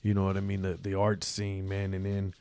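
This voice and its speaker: Laid-back man, very low gravelly voice, dry close podcast mic. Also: completely flat delivery, a little fast, darkish tone, no echo. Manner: laid-back, slangy, lots of "you know what I'm saying". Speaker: podcast guest. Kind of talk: casual interview chat.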